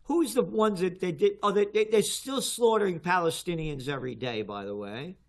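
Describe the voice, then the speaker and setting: An older man giving heated, emphatic political commentary in a talk show, his voice often rising loud. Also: high voice, animated, moderate pace. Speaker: guest commentator.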